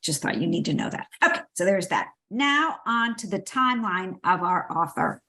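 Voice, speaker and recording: A woman's voice: mid-range voice, very animated, normal speed, sharp tone. A woman hosts a book club and walks through a summary in an easygoing, conversational way. She fills her talk with light, playful asides and plenty of fillers. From United States.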